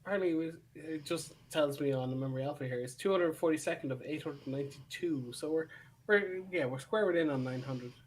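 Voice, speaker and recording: A man's voice: on the high side, a little fast. A man co-hosting a casual podcast review on a remote call. He talks with eager, stammering restarts. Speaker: podcast co-host. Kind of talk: casual chat, reviewing a TV episode.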